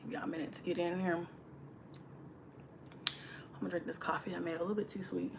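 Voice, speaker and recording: A woman's voice: fairly low pitch, flat delivery, quick pace, gravelly, background noise. A young woman, hosting a casual livestream, chatting, laughing often and greeting viewers by name. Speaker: livestream host.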